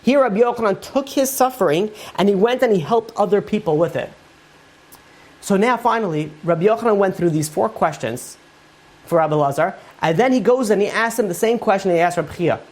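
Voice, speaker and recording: A man's voice: high voice, brisk, a little mellow. A man, a rabbi, giving an informal Torah class, retelling Talmud stories in a conversational way with many fillers.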